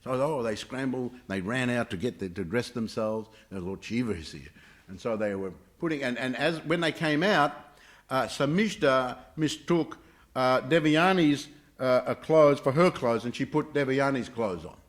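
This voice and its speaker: A man's voice: mid-range voice, normal speed. A man teaching a scripture class, telling stories with many hesitations and filler sounds. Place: temple class room.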